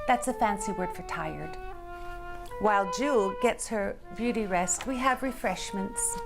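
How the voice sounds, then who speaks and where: A woman reading a children's picture book aloud in an expressive storytelling voice, dropping into whispers and rising to excited cries. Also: mid-range voice, unhurried, vocal fry, faint music behind. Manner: animated, dips into whispers and rises to excited cries. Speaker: storybook reader.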